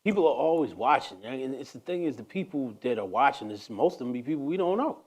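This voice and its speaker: A man hosting a casual faith talk, telling a story with animated energy that slides into preaching. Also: medium pitch, quick pace, breathy edge. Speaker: host.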